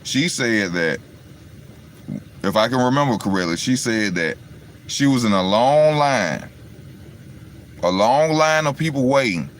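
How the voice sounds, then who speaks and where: A man's voice: medium pitch, expressive, measured pace, long pauses, a little hiss or hum. A man talking casually to his viewers through his phone and retelling a story in a loose, rambling way, often asking "you know what I'm saying". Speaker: vlogger. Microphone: phone on charge.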